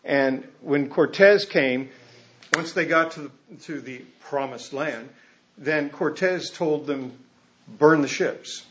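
Give me a male pastor preaching a chatty, animated sermon, his voice fairly high and the sound muffled. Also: slow pace, background noise. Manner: animated, conversational preaching with asides. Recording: muffled lo-fi recording.

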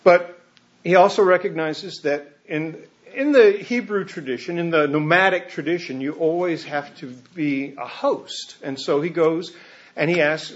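Animated, high-voiced male pastor. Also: a little slow. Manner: animated, conversational preaching with asides. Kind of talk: sermon. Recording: muffled lo-fi recording.

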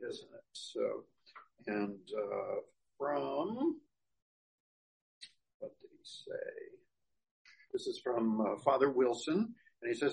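Middle-aged male pastor, gravelly and husky, relaxed chatty sermon delivery. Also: medium pitch, rough recording. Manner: casual, chatty, with many fillers. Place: church.

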